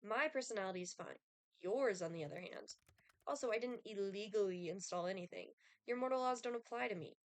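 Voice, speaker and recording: A woman voicing a cold, sardonic male Grim Reaper in a dating game, speaking in a dry, disdainful, deadpan way. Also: mid-range voice, a little fast, no room sound, natural voice.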